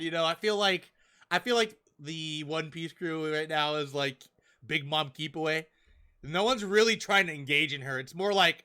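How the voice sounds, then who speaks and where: A young man hosting a podcast, chatting casually and excitedly as he talks through a manga chapter, often acting out characters' lines. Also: fairly high pitch. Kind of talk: casual chat.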